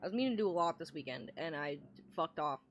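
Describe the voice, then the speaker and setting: A woman's voice: low voice, lively intonation, quick pace, slight background noise. A woman streamer in casual livestream chat, ranting and rambling with lots of swearing.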